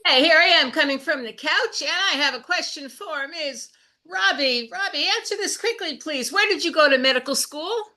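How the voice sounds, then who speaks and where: A woman voicing a brisk female TV news reporter, rushed and announcing. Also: sits high, pushed and bright. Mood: urgent.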